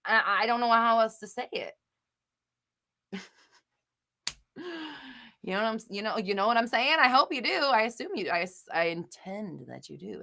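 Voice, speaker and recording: A woman's voice: mid-range voice, animated, normal speed, vocal fry, long pauses, sharp tone. A woman hosting a casual live Q&A stream, talking emphatically and rambling, swearing freely. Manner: rambling with many fillers and restarts. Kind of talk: casual live-stream chat answering viewers.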